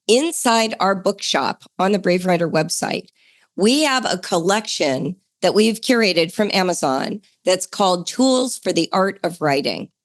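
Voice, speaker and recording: A middle-aged woman hosting a homeschooling podcast, talking in a chatty, enthusiastic way that jumps higher for emphasis. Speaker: podcast host.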